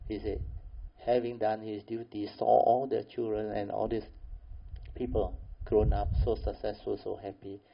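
An older man telling a family story, animated and pressing harder when he makes a point. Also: lowish voice, vocal fry, a little hiss or hum. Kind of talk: storytelling talk. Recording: dull lo-fi recording.

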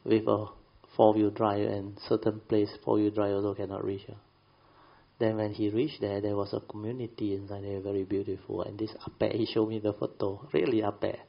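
Gravelly man. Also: lowish voice, flat delivery, brisk, muffled recording. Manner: rambling, frequent fillers and laughs, colloquial grammar. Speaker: speaker telling a story to a group. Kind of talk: casual storytelling.

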